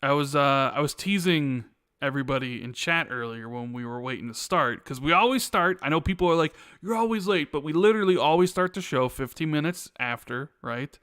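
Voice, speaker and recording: A man co-hosting a casual gaming podcast, relaxed, reading out viewer chat messages. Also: mid-range voice, fairly quick, clean tone, dry recording, studio quality. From United States. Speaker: podcast co-host.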